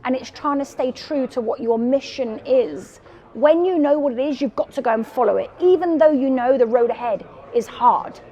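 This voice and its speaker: A middle-aged woman from the UK, a guest entrepreneur, telling a story in an interview and acting out the quotes with lively energy. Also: sits high, normal speed, highs cut off.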